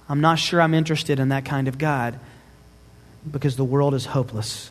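A man's voice: mid-range voice, steady tone, normal speed, long reverb tail. A man preaching a sermon as pastor, emphatic and building his points into rising lists.

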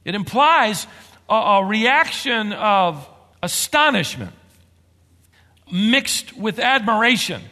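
A man preaching a sermon as a pastor, talking with animated emphasis that climbs to excitement. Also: high-pitched, slow pace, in a large hall.

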